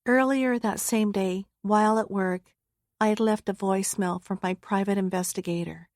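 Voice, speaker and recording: A woman narrating a first-person memoir audiobook in a measured, earnest, solemn way. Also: medium pitch, steady tone, a little mellow, no room sound. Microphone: close studio mic. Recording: dry close studio sound.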